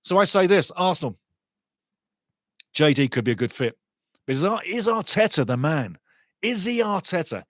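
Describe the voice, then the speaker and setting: This is a man hosting a live match watchalong, and he is excitable and chatty. His voice sits a little high and sounds close and dry, with no room around it. He keeps repeating his favourite phrases and breaking into laughter. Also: normal speed, long pauses, no echo. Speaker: watchalong host.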